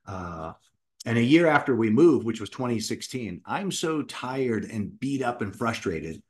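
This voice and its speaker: A middle-aged man who writes children's books tells his personal story in an animated way and acts out what he said back then. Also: mid-range voice, a little slow. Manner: animated, acts out his own past words. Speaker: children's book author and founder.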